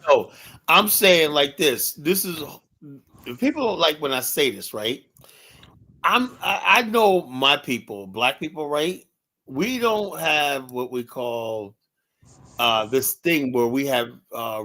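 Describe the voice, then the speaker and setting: A man holds forth in a heated casual debate, his voice sitting a little high for a man. He rambles, swears freely and keeps checking in with 'right?' after nearly every sentence. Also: pushed and bright. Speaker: panelist.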